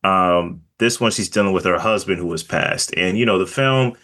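A man's voice: deep voice, normal speed, a bit bright. A man reviewing a film in a casual podcast chat, rambling with many fillers and restarts.

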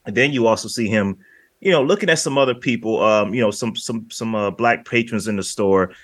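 A man with a fairly low voice, talking casually about films as a podcast co-host. He rambles a little between points and sounds dry and close, with no room behind him. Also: fairly quick, no room sound. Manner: rambling, acts out movie lines in quoted voices. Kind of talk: casual film discussion.

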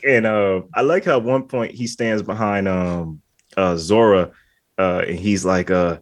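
A man with a fairly low voice co-hosts a casual podcast chat at an unhurried pace. He rambles, fills his talk with "like" and other filler words, and laughs often.

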